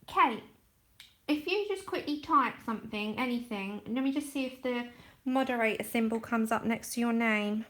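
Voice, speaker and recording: Speaking at a moderate pace in a somewhat high, fairly bright voice, a woman runs an art livestream. She talks casually through her colouring steps and thanks her viewers by name.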